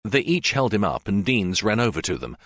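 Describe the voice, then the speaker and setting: A man narrating a fiction audiobook in a steady, measured way. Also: on the low side, no room sound, studio quality. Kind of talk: scripted narration.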